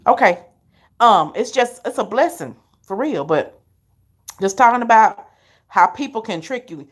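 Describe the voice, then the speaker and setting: Middle-aged woman, live-stream host, chatty and animated, fairly high voice. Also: a little slow. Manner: animated, chatty, laughs often. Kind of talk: casual storytelling to viewers.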